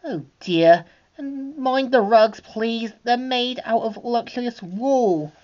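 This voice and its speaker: A shrill, haughty villainess, vain and obsessed with fashion, as a woman puts her on while reading a comic aloud. She swoops up high and drags out her words with grand theatrical flair. The recording sounds dull and lo-fi. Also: slow pace, a little mellow. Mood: gushing.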